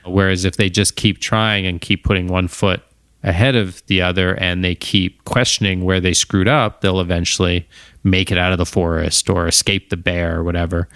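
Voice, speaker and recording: A man's voice: low-pitched, level tone, moderate pace, a bit bright, clean tone, no echo, studio quality. A man hosting a podcast on his own, talking casually and wandering off into tangents. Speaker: podcast host. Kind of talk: casual solo monologue.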